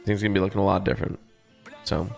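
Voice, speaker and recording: A man live-streaming a game, chatting casually and reading out viewer shout-outs in quick upbeat bursts, with a sore throat. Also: sits low, flat delivery, vocal fry, faint music behind.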